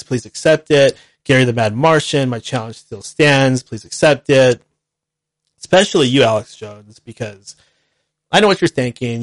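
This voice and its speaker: A male talk-show host speaking straight into a studio microphone, voice dry and close with no room around it. His pitch sits in an ordinary middle range. He talks bluntly and repeats himself, moving between earnest apology and heated ranting. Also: no room sound. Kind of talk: solo call-in show monologue.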